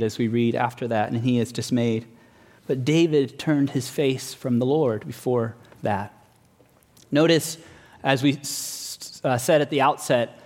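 A man preaching a sermon in an earnest, measured way, slowing down to stress key words. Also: medium pitch. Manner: earnest, measured, slows for emphasis. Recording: long hall reverb.

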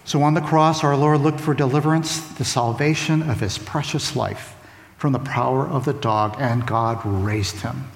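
A man's voice: mid-range voice, moderate pace, vocal fry. A man preaching a sermon, emphatic and repeating phrases for stress. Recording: echoey hall with faint ambience.

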